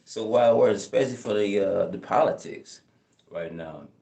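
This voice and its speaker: A man's voice: fairly low pitch, normal speed, gravelly, warm tone. A young man hosting a casual live chat, rambling in laid-back slang and often asking "you know what I'm saying". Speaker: channel host answering live chat. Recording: echoey room.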